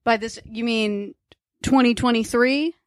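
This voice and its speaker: A woman's voice: on the high side, steady tone, no room sound, studio quality. A woman co-hosting a podcast in casual chat, wry and teasing. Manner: wry, teasing, quick to laugh. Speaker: podcast co-host.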